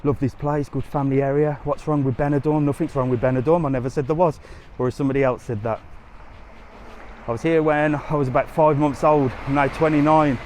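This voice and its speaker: A man's voice: fairly high pitch, fairly even intonation, brisk, a little mellow. Chatty man vlogging on a street. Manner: chatty, cheeky, answers comments on the go. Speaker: travel vlogger. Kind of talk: live walking vlog with viewer questions. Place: outdoor tourist strip by the sea. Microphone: handheld camera while walking. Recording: light street noise outdoors.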